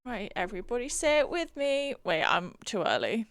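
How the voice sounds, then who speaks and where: Giggly young woman streamer, lively pitch. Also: moderate pace, no room sound, soft background music. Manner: chatty, giggly, reads chat aloud. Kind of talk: casual live-stream chat. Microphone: desk mic she keeps bumping.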